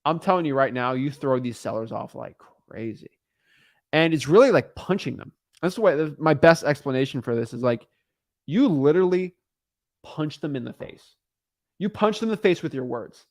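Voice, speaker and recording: A young real estate wholesaling coach teaches energetically on a live stream, emphatic and repetitive as he drives his points home and acts out callers' voices. His voice is on the high side and darkish, with lively intonation at normal speed.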